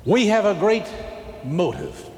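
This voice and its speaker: A male pastor giving a televised sermon in a large church, folksy and animated with emphatic peaks. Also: sits high, slow. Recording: long cathedral echo, faint ambience.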